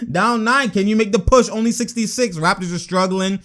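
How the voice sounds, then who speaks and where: A young man giving excitable, slangy basketball reaction commentary and laughing often. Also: sits high, moderate pace. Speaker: sports vlogger.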